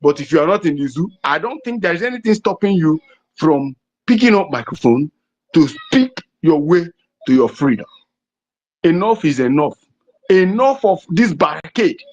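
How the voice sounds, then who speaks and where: A man's voice: on the high side, very animated, normal speed, darkish tone. A man from southeastern Nigeria with a Nigerian English accent, giving an impassioned political address with emphatic, repetitive rhetoric. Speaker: political activist. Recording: dull lo-fi recording.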